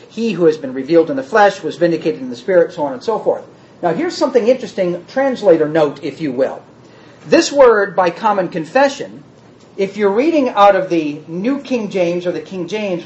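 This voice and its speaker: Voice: mid-range voice, darkish tone, highs cut off. A Bible teacher giving a word-study lesson, reading verses aloud and then restating them in plain words.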